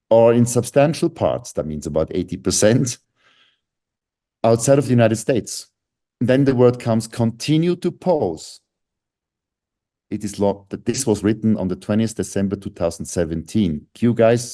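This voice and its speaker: A man's voice: fairly low pitch, warm tone. A man on a radio show giving an emphatic, lecturing conspiracy talk monologue, repeating key words for stress.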